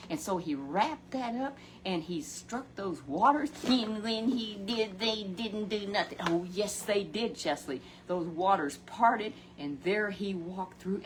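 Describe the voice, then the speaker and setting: A woman telling a Bible story in a folksy, animated way, often exclaiming and addressing a companion by name. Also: mid-range voice, a little hiss or hum.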